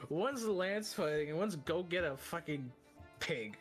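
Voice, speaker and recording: A man's voice: fairly high pitch, expressive, measured pace, faint music behind. A man playing a tabletop game, joking and amused, swearing casually. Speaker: player.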